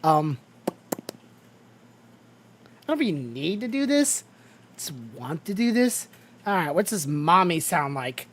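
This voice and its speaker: A man's voice: on the high side, sing-song, measured pace, pauses often, pitched above the performer's own voice. A man speaking through a voice changer filter and thinking aloud as he tests it.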